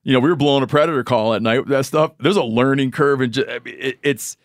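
A man hosting a podcast in casual conversation, thinking out loud and acting out imagined scenes. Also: medium pitch, fast talker, no room sound, clean studio sound. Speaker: podcast host.

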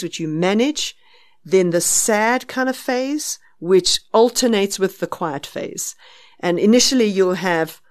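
A woman with a South African accent explaining children's sleep firmly and practically, sometimes dropping to a hush. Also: mid-range voice. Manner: explains firmly, acts out soothing a baby in a hushed voice. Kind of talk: advice on a podcast.

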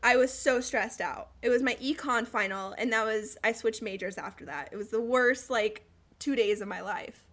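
A young woman in her twenties chatting casually, telling lively stories with laughs and quoted voices. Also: fairly high pitch, moderate pace. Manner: animated storytelling with laughter and acted quotes. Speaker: guest storyteller. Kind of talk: casual chat.

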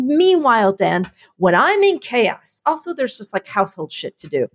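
A woman's voice: a little high, big pitch swings, moderate pace. A woman co-hosting a podcast in casual chat, rambling and self-mocking as she acts out her own inner voice. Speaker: podcast co-host.

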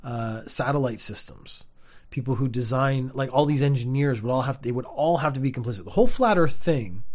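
Wry rambling man. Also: medium pitch. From Canada. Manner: rambling, wry, deadpan asides. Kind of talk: casual comedic monologue.

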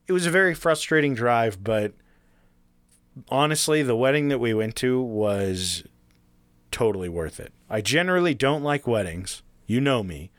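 A young adult man co-hosting a casual podcast, telling a road trip story with lots of swearing and animated retelling. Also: mid-range voice, normal speed, no room sound. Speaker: podcast co-host.

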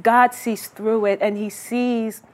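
A woman hosting a faith-centered talk show, reflecting in a thoughtful, measured way. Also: fairly high pitch, level tone, darkish tone. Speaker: host.

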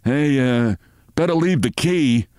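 A man's voice: mid-range voice, slow, darkish tone, smooth, dry recording, studio quality, voice pushed up, lightly acted. A man voicing a cocky male parking lot attendant with a brash, offhand, slangy manner.

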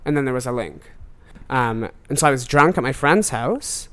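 A man's voice: medium pitch, expressive, normal speed, a bit bright. A young man, a podcast guest, chatting casually and telling a story with lots of fillers and asides. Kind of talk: casual chat.

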